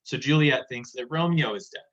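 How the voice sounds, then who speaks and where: A man's voice: medium pitch, normal speed, fairly bright tone, lo-fi sound. A male teacher casually explaining a play scene by scene, retelling it in everyday words.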